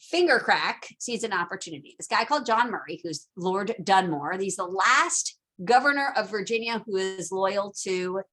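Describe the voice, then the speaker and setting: A woman's voice: medium pitch, animated, moderate pace, hardly any pauses, pushed and bright. A woman teaching a casual recorded lecture, chatty and full of asides and fillers.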